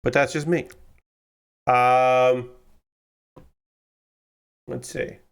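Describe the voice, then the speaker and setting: A man's voice: mid-range voice, steady tone, extremely slow, creaky, clean tone. A man hosting a model kit build stream, chatting casually and tiredly, rambling with lots of fillers and the odd swear word. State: tired and yawning. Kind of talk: casual chat while building.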